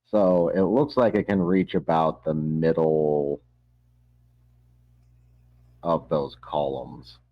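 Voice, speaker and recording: Deep gravelly game master. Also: male voice, slow pace, long pauses, no echo, lo-fi sound. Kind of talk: narrating a tabletop game.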